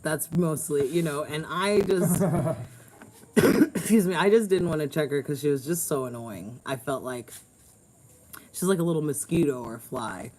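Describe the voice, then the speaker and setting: Low-voiced woman hosting a livestream. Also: animated, moderate pace, darkish tone, a little hiss or hum. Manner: chatty, laughs often. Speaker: livestream co-host. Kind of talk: casual live chat, reading viewer comments. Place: outdoors at home.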